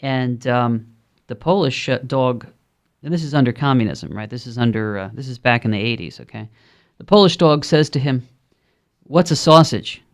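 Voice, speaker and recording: A man with a Brooklyn accent hosting a call-in radio talk show, speaking in a conversational, rambling way with frequent ums and uhs. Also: fairly high pitch. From Brooklyn, New York.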